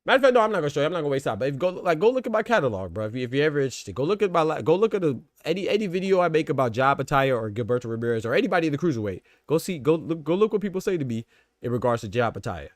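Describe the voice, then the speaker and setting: A man's voice: on the high side, very animated, rapid-fire, no room sound, clean studio sound. A man hosting a casual boxing podcast, stuffed up and congested, rambling and repeating himself as he talks to his audience. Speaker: podcast host.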